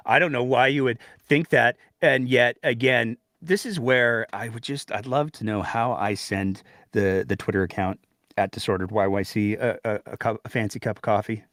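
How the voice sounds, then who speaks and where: A man's voice: mid-range voice, moderate pace, no echo, clean studio sound. A man hosting a political commentary show, talking in a sarcastic, opinionated way. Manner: sarcastic, animated, puts on mocking voices.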